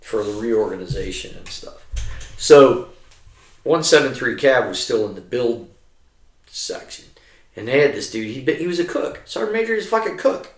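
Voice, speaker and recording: A man's voice: mid-range voice, big pitch swings, normal speed. A middle-aged man, an army veteran, telling rambling war stories in casual chat, swearing constantly. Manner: profane, rambling, heavy swearing. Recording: echoey room.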